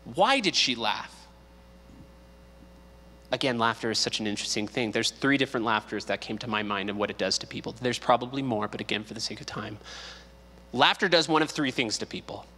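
A man's voice: fairly low pitch, quick pace, pushed and bright, slight background noise. A man in his thirties, a pastor teaching a casual Bible study, joking and acting out quotes as he goes. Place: church sanctuary. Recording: long hall reverb.

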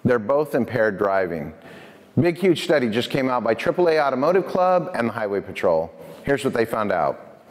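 Animated male youth speaker in a reverberant hall. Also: medium pitch, brisk. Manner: animated storyteller, asks the audience questions, laughs often. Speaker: prevention specialist and youth speaker. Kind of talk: lively talk to students in a church hall. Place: church hall.

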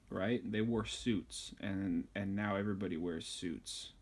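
A man's voice: low-pitched, measured pace, few pauses, slightly rough. A man giving a crude, insulting, rambling comedic tutorial on sewing a button. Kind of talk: profane comedic tutorial rant.

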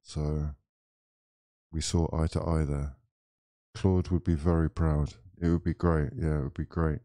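A young man with a low, mellow voice hosts a live football watchalong stream. He reads viewer comments aloud and chats in a relaxed, easygoing way, laughing often. The sound is close and dry, with no room echo. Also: measured pace, long pauses. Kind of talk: casual chat reading live chat.

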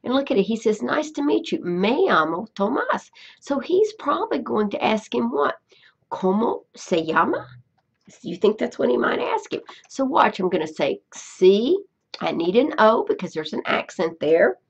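Woman, Spanish teacher, screencast tutorial voice, lively pitch, husky, lo-fi mic. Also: normal speed. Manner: patient, repeats herself, checks in with "okay?".

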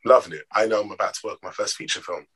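Husky-voiced man telling lively stories. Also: lowish voice, fast, poor audio. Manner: expressive, acts out quoted dialogue. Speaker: actor guest. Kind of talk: animated storytelling in an interview.

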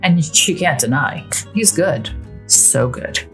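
A woman narrating a romance story in a steady, intimate storytelling manner over gameplay. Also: sits low, takes it slowly, faint music behind. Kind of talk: romance narration over a life-sim game.

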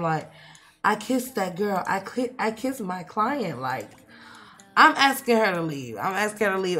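A woman giving casual, profane commentary while playing a life-sim game, shifting from mumbling to outbursts. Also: medium pitch. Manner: chatty, swears, swings from mumbling to loud outbursts. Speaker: let's play streamer.

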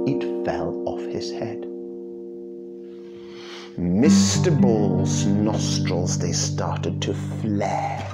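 A man's voice: on the low side, takes it slowly. A man telling a folktale dramatically, dropping to whispers and swelling again, over guitar music. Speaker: storyteller.

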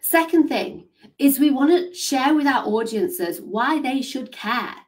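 High-voiced, animated woman business coach. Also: slow pace. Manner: animated, enthusiastic, says "like" a lot. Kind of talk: motivational talk.

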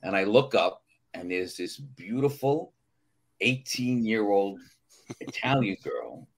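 Animated New York man telling stories. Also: lowish voice, slow pace, gravelly, slight background noise. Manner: animated storyteller, acts out voices in anecdotes. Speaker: guest actor. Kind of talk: casual podcast chat, storytelling.

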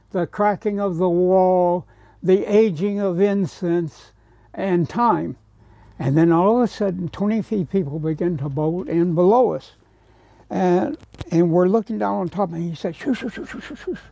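Gravelly, deliberate American storyteller man. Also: high voice, warm tone, no echo. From United States. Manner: acts out other people's lines, drops to whispers. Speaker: painter telling stories. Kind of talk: anecdotal storytelling.

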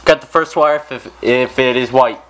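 A man's voice: mid-range voice, moderate pace. A young man hosting a party game, calling out moves and directing his friends in casual chat. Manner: upbeat, directing the group. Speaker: channel host. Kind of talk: casual group gameplay chat.

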